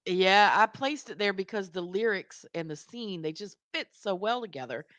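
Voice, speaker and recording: A woman co-hosting a casual live stream from home, speaking slowly with frequent giggles and agreeing murmurs. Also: mid-range voice, animated, fairly bright tone, no room sound. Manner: slow-spoken, giggly, lots of agreeing murmurs.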